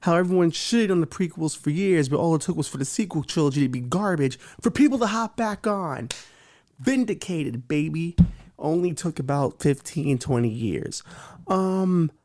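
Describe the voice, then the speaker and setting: A man's voice: a little high, expressive, normal speed, darkish tone. Profane, joking man hosting a comedy show. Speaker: host. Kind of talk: comedic talk-show monologue.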